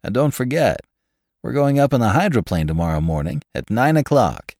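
A man's voice: medium pitch, big pitch swings, normal speed, darkish tone, no room sound, clean studio sound. A man doing an eager, charming rich host. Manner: eager, reassuring.

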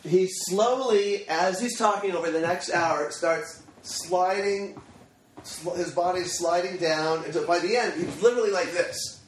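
Man in his fifties telling animated anecdotes. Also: sits high, measured pace, echoey room, a little hiss or hum. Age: 50s. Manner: animated storyteller who acts out quotes. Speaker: screenwriter guest. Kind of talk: anecdotal storytelling interview. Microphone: studio microphone.

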